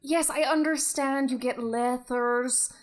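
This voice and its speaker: A woman playing a Scottish shipboard bookworm, courteous, slow, high voice, quick to suspicion. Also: fairly even intonation. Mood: puzzled. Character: polite, prickly young woman reading aboard a ship.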